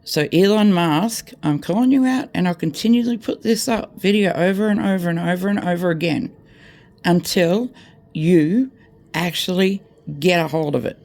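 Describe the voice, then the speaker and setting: A woman's voice: fairly low pitch, normal speed, a little mellow. An Australian woman vlogging, ranting straight to camera in a blunt, heated way, swearing freely and filling her talk with "like" and "mate".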